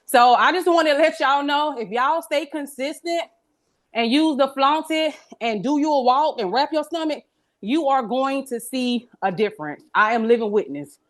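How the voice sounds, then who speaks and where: A woman's voice: high-pitched, normal speed. Slightly breathless woman sharing her win. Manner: chatty, says "y'all". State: a little out of breath while walking. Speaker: team member on a training call.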